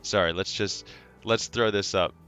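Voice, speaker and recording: A man's voice: fairly low pitch, fairly even intonation, measured pace, bright, forceful tone, soft background music. A man live streaming, chatting casually in a joking, rambling way. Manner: joking, rambling, laughing often. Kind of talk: casual chat.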